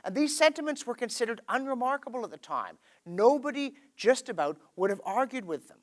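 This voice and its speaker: A Canadian man speaking at an evening public event with a high, lively voice that climbs and drops a great deal as he stresses his points. He talks in an emphatic, animated lecture style and adds wry asides. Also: brisk. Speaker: speaker giving a public talk. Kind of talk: lecture to a live audience. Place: event hall.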